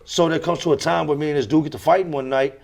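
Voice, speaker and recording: A man's voice: fairly high pitch, steady tone, quick pace, creaky, a little mellow. Blunt, emphatic American man. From United States. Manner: blunt, emphatic street talk with repeated phrases. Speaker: interview guest. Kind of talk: candid storytelling interview.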